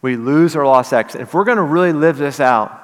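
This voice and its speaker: A middle-aged man with a Western Kentucky accent, preaching from a church sanctuary. His voice sits a little higher than most men's and carries a long reverb from the hall. He talks to the congregation in an earnest, conversational way and pushes to emphatic high points. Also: brisk, smooth. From Southern Illinois. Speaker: pastor. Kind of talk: sermon.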